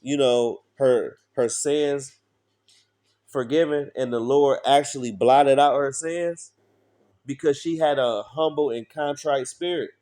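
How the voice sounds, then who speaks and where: A man's voice: medium pitch, steady tone, slow, mellow. A man preaching an informal street sermon, blunt and profane, often asking his listeners questions.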